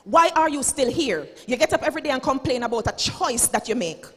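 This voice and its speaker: A Jamaican woman in her forties delivers a fiery keynote to teachers, her voice set high and carrying. She preaches with drama and slides between standard English and Patois. The sound rings out with the long reverb of a big hall. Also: animated, a little fast, slightly rough. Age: 40s. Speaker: school principal and keynote speaker. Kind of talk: motivational keynote speech.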